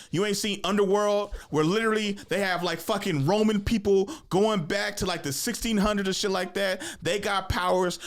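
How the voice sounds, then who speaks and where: Brief: animated, profane podcast host, higher-pitched with gravelly fry, laughs a lot. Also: male voice. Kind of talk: casual chat.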